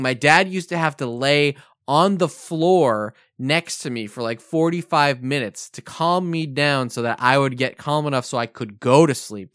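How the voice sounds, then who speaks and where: A man's voice: mid-range voice, clean tone, dry recording, studio quality. A man co-hosting a podcast, telling a childhood story in casual chat and acting out the lines people said. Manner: animated storyteller who acts out quoted lines. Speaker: podcast co-host.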